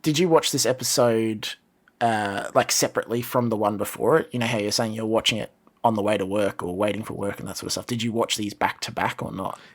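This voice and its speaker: Hesitant man, lowish voice. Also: quick pace. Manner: hesitant, searching for words. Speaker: podcast co-host. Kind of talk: casual chat.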